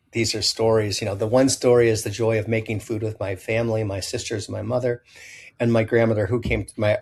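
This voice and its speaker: A man's voice: fairly low pitch, a little mellow. Older man, chef guest, from Illinois, rambling anecdotes, self-correcting, acts out quotes. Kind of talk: storytelling interview.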